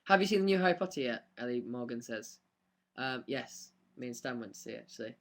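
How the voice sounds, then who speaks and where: Talking fast with lively intonation, a young man of medium pitch chats casually on a live stream while answering questions from fans. He's rambling and chatty, with frequent laughs and many ums.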